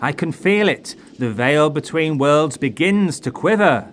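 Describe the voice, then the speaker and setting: A man's voice: a little high, expressive, a little slow, slight background noise, voice pushed up. A man voicing a theatrical woman clairvoyant in a dramatic, declaiming manner. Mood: ecstatic.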